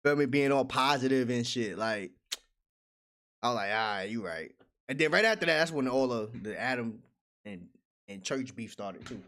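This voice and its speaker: A man's voice: medium pitch, expressive, normal speed, a bit bright. A man hosting a casual livestream, talking in slang, reading chat aloud and laughing often.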